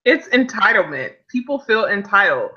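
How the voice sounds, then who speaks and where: A woman co-hosting a live talk show, reacting to her partner with laughter and unhurried comments. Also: mid-range voice, sing-song, pushed and bright, muffled recording. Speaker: radio show co-host. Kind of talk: casual talk-show banter.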